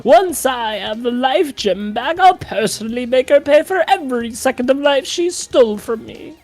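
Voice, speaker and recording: A woman's voice: sits high, animated, moderate pace, darkish tone, pitched above the performer's own voice. A woman voicing a bitter, dying old male mob patriarch in an exaggerated put-on Italian accent, strained and over the top. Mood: vengeful.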